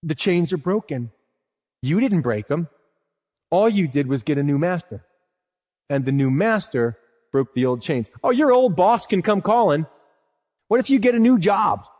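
A man's voice: fairly high pitch, animated, moderate pace, pauses often, darkish tone, in a large hall. A man preaching a sermon in a conversational, storytelling way with emphatic asides. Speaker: pastor.

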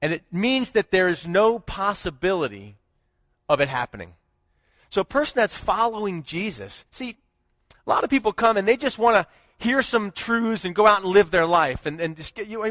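A high-pitched man preaching a church sermon, rising to loud emphasis and then sinking low and quiet. The recording is dry and close, with almost no room sound. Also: normal speed, dry recording. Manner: animated preaching, swinging between loud emphasis and low hushed lines. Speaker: pastor.

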